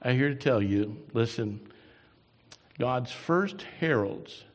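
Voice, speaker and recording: A man preaching a sermon as a pastor, telling stories that swing from soft asides to loud, emphatic bursts, recorded in a church. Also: medium pitch, expressive, slow pace. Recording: long reverb in a hall.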